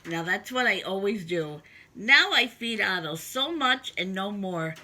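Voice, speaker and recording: A woman reading a children's story aloud, with expressive, sing-song emphasis. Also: medium pitch, unhurried, a little hiss or hum. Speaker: storybook reader.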